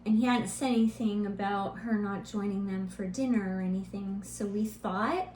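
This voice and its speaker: A middle-aged woman co-hosting a podcast, telling a family story in a lively, animated way and laughing now and then. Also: medium pitch, moderate pace. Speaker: podcast co-host, mother. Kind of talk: casual storytelling chat. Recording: roomy echo, faint hum.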